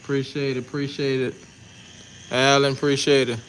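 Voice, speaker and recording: A New Orleans tattoo artist talks casually with livestream viewers while working in his shop, greeting the chat in a laid-back, slangy way. His voice sits in the mid range with little pitch movement, a moderate pace, and a fairly bright tone. The low-quality recording carries a little hiss or hum.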